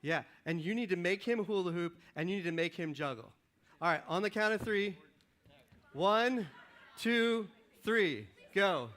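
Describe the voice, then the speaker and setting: A high, bright-toned man leads a sermon from a church stage with an upbeat, joking manner. He calls volunteers up, counts them in, and then turns to his message. His voice carries through a stage microphone. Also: fairly quick. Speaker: pastor. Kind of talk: lively sermon with audience participation. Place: church stage before a congregation.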